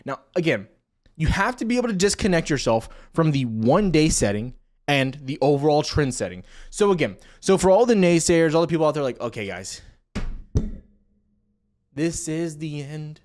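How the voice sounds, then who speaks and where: A man's voice: a little high, very animated, fairly quick, a little mellow. A young man hosting casual stock market commentary, talking straight to viewers over charts with joking asides.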